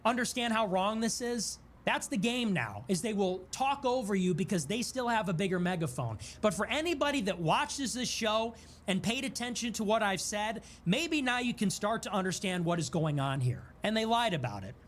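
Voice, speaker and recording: A man from Chicago hosts a political livestream in a high, very animated voice. He talks with indignant sarcasm and sudden defiant bursts. A faint hiss sits under the recording. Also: normal speed. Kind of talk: impassioned political monologue.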